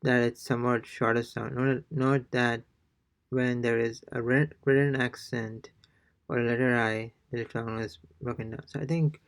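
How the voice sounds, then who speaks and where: A man teaching an online pronunciation lesson, explaining slowly from his notes with many pauses and restarts. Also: mid-range voice, little pitch movement. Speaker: Spanish teacher.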